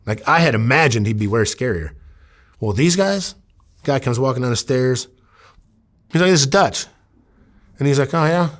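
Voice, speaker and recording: A man's voice: medium pitch, expressive, normal speed, long pauses. Rambling storyteller man from Iowa. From Iowa, USA. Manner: loose and rambling, many fillers, acts out quoted dialogue. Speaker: former undercover officer, interview guest. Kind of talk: casual storytelling in an interview.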